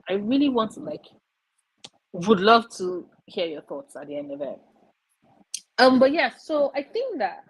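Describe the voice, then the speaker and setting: A chatty woman hosts a casual live reading stream, wandering between topics and filling gaps with little asides. Her voice is husky and a touch breathy. The sound is close and dry. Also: on the low side, no room sound, poor audio. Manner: chatty and rambling, many fillers, coos over her cat. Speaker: book streamer hosting a live reading sprint.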